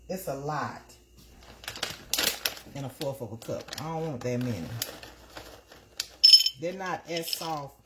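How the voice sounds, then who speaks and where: A middle-aged woman hosting a casual live stream from her kitchen, talking to her viewers in a chatty, repetitive way. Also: rumbling low. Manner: chatty, talks to the chat as "y'all", repeats herself. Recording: noisy home stream with crinkling.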